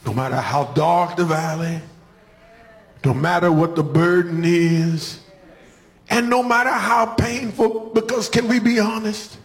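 A man preaching a sermon in a rhythmic, call-and-response style, building from quiet talk to shouted climaxes. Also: high voice, unhurried.

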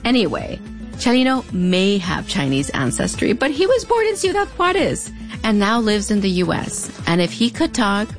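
A woman's voice: medium pitch, wildly swooping pitch, normal speed, soft background music. A woman with a fronterizo border accent giving a wry, conversational scripted narration with playful, sassy asides. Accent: fronterizo (US-Mexico border). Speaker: podcast narrator.

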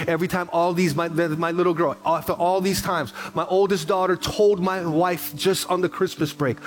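A man pastor preaching a sermon, telling stories with quiet asides and raised, emphatic lines. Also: on the high side.

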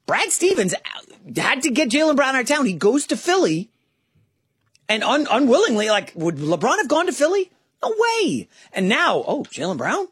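Animated man hosting sports radio. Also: very high-pitched, husky, dry recording. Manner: animated, chatty, rapid opinions with fillers and restarts. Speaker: fill-in sports radio host. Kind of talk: sports talk show monologue.

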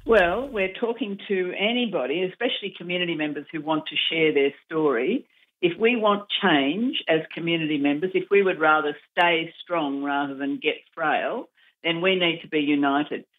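A woman's voice: deep voice, moderate pace. A woman speaks down a tinny phone line in a radio interview. She is earnest and encouraging and gives listeners plain, direct advice. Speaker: advocacy group founder, interviewee.

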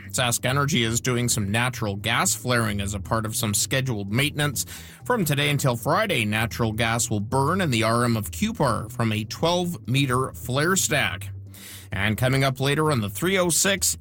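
A man reading radio news headlines and the weather in a steady, clipped broadcast delivery. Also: mid-range voice. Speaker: radio newsreader.

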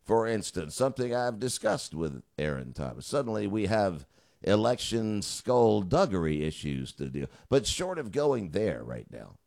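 A man's voice: fairly low pitch, big pitch swings, moderate pace, vocal fry, a little mellow. Chatty middle-aged male radio host. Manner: chatty, with joking asides. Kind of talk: talk radio monologue.

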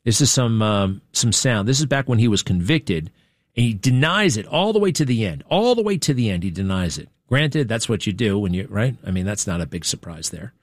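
A man's voice: lowish voice, expressive, brisk, no echo. A man hosting a talk show, rambling through a wry, digressive monologue and turning now and then to his studio crew. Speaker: talk radio host. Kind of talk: rambling monologue, casual chat.

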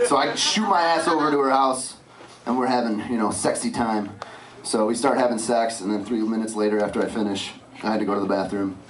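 A man's voice: fairly low pitch, fairly quick, a little hiss or hum. A man in his twenties doing stand-up, telling self-mocking stories. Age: 20s. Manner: lively, self-mocking storytelling. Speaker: stand-up comedian. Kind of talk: stand-up comedy set. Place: comedy club stage. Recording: roomy, distant club recording. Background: audience laughter.

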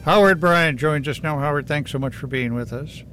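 A man hosting a news radio show, asking questions in a relaxed, friendly way. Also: a little high, moderate pace, faint music behind. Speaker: radio host.

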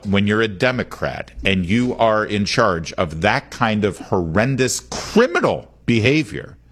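A man with a very low voice hosts a talk radio program from the studio. He delivers an opinionated, emphatic monologue and keeps returning to the call-in number to invite listeners to phone in. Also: fairly bright tone. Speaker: radio talk show host. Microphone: studio microphone.

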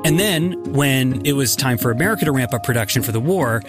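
A man's voice: medium pitch, lively intonation, brisk, loud music behind the voice. A man hosting a podcast, telling a story conversationally with casual fillers. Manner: curious, conversational, frequent fillers. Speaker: podcast host. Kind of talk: scripted podcast storytelling with banter.

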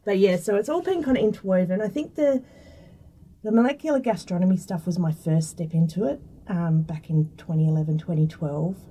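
A mellow, quite dark-toned woman with a slightly husky voice. She explains things in a relaxed, chatty way, full of ums and restarts. She sounds a little distant from the microphone. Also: lowish voice, brisk. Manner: chatty, explanatory, many fillers. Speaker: food scientist guest. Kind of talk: casual interview talk.

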